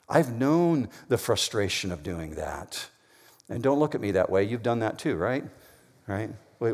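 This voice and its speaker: A man preaching a sermon to a congregation, emphatic, swinging between loud declarations and quiet asides. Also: medium pitch. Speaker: pastor. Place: church hall with a congregation. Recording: long hall reverb.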